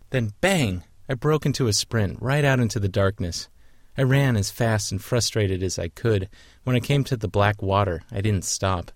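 Man, low voice, somber reflective documentary narrator. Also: darkish tone, dry recording.

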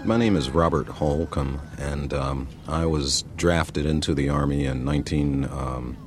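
A man, a drafted army veteran, recounting his combat with hesitant pauses. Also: a bass voice, a little hiss or hum. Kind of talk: interview testimony.

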